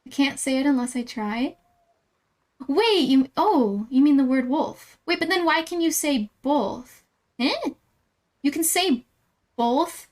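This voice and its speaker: Giggly high-voiced woman streaming a game. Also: lively intonation, slow, a little mellow. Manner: giggly, playful, easily flustered. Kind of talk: casual live-stream chat with viewers.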